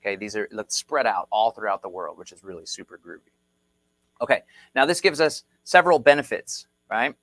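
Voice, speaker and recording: A man's voice: fairly low pitch, animated, fairly quick, fairly bright tone, no room sound. A man hosting a casual livestream explainer, talking emphatically and checking in with "okay?" and "right?" as he goes. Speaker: host.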